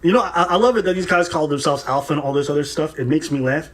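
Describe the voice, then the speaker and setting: A man talks fast in a fairly high voice, reacting with heated, mocking commentary. He is profane and animated, laughing at the people he criticizes. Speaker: co-host of a reaction show.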